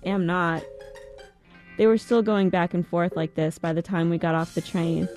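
Woman reading a story out loud, calm and measured, lowish voice. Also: faint music behind. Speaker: narrator. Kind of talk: audiobook narration.

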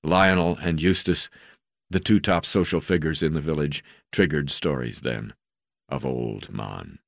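A man reads his own memoir aloud, stumbling now and then over hesitations and restarts. His voice sits very low and deep. The recording is dry and close, with no room sound. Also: unhurried, gravelly, no room sound. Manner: unpolished reading, frequent "uh" fillers and restarts. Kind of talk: memoir narration read aloud.

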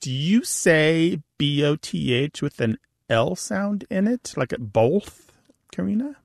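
Man, linguist explaining on a call-in show, lively pitch swings, gravelly, dry close sound. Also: measured pace, no room sound. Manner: explanatory, lively, laughs easily.

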